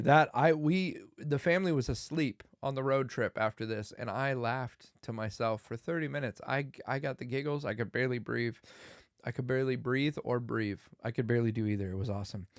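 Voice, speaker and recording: A man's voice: medium pitch, dry recording, clean studio sound. A man in his thirties hosting a solo comedy podcast, telling a silly bit and cracking himself up with laughter. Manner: giggly, breaks into laughter while telling a bit. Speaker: podcast host.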